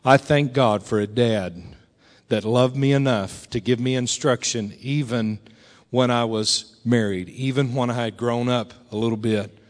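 A middle-aged man preaching a storytelling sermon in a church, folksy and animated, swinging between loud bursts and low, quiet lines. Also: measured pace. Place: church sanctuary. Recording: long reverb of a large hall.

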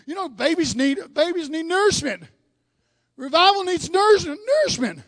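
A preacher with a very high male voice, working a church crowd with a revival sermon. He drops to quiet asides, then climbs into shouted, drawn-out lines. The sound is dry and close, with little room echo. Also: lively intonation.

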